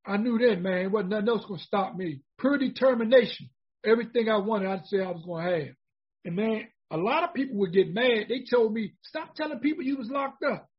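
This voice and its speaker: A man in his forties speaks with a raised, husky voice. He tells his own story in a conversational way, repeating points for emphasis. The recording sounds dull and lo-fi. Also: high voice, fairly quick. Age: 40s. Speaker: formerly incarcerated speaker. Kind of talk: personal storytelling talk.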